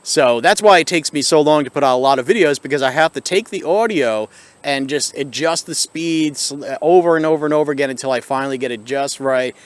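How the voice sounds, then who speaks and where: A man with a notably high voice rants to his viewers in a vlog, sarcastic and exasperated as he talks them through it. He is recorded on a small built-in camera microphone. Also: a little fast, dry recording. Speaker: video host. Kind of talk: ranting vlog commentary.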